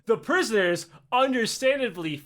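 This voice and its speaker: A man casually telling a history story on a podcast, animated and profane, acting out quotes and laughing often. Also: sits high, normal speed.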